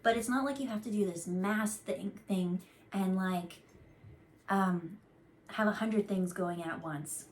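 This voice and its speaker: A woman's voice: medium pitch, unhurried, slight background noise. Chatty woman giving an intuitive card reading. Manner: chatty, rambling, earnest with frequent fillers and restarts. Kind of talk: casual channeled tarot reading.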